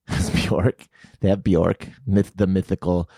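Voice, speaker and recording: A man's voice: sits low, flat delivery, takes it slowly, creaky, dark tone, breathy edge, no echo. A man co-hosting a podcast in a studio, chatting casually, joking and laughing often. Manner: jokey, rambling, laughs often. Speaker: podcast co-host. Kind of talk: casual chat.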